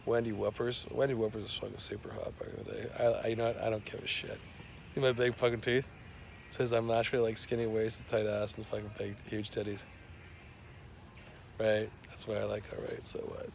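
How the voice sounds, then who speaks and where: A man's voice: lowish voice, little pitch movement, brisk, gravelly, a little hiss or hum. A man delivering a profane, rambling comic rant full of fillers and restarts. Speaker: self-described scientist.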